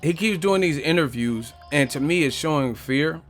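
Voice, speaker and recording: A man's voice: fairly high pitch, expressive, normal speed, faint music behind. A man hosting a boxing live stream in a casual, profane, joking way, reading viewer comments aloud and trash-talking back at them.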